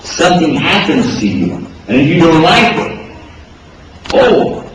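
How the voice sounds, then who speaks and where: A man's voice: fairly high pitch, very animated, unhurried. A man preaching in a conversational way, full of rhetorical questions and everyday examples, recorded in a large hall. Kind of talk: sermon. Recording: very echoey hall, mic far off, noisy.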